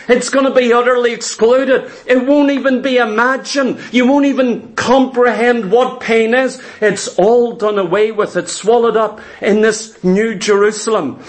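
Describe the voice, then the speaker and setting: High-voiced fervent preacher. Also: male voice, steady tone, unhurried. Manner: fervent, repetitive preaching cadence with rhetorical questions. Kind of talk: sermon.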